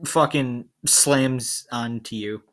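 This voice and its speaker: Laid-back game master, swearing and joking. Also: male voice, mid-range voice, steady tone, takes it slowly, fairly bright tone. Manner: laid-back, swears casually, laughs often. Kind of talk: casual tabletop game narration.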